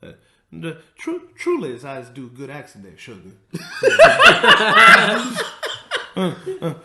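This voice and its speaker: A man's voice: high voice, wildly swooping pitch, a little slow, pushed and bright, heavily acted. A man putting on a sassy jazz-age dame. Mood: mocking. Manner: drawling, mocking, exaggerated. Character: sassy jazz-age woman, witty and smug. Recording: roomy echo.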